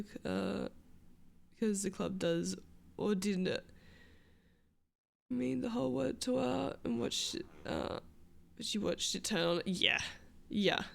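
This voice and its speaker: A woman's voice: medium pitch, creaky. A woman chatting casually with her stream viewers, rambling, swearing and losing her train of thought.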